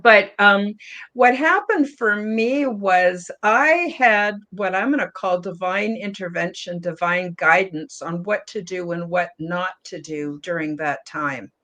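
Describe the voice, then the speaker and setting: A middle-aged woman speaking on a spiritual panel discussion, emotional and near tears, apologizing and talking warmly with many fillers. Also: fairly low pitch, slow. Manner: heartfelt, apologetic, chatty with fillers. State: tearful, emotional. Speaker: panel guest.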